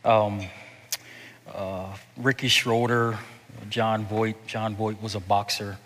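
A male pastor preaching a sermon. He repeats and restarts words and swings from hushed to loud. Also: fairly low pitch, flat delivery, takes it slowly. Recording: echoey hall reverb.

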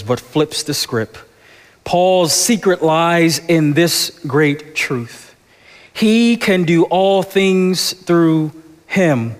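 Slow, emphatic preacher in a reverberant church. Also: male voice, high voice. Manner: emphatic preaching with rhythmic repetition. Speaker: pastor. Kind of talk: sermon. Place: church sanctuary.

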